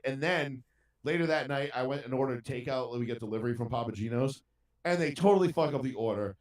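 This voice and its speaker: A man's voice: medium pitch, fast. Profane man, roomy and distant. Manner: profane, animated ranting storyteller. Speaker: podcast co-host. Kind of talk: casual storytelling chat. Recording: roomy sound from a distant mic.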